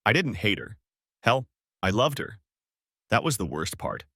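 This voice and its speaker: Guy narrating a dramatic revenge story, lively up and down delivery, super dry close mic. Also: fairly low pitch, measured pace, husky, no echo. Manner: dramatic storytelling, acting out heated lines. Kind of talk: scripted first-person story narration.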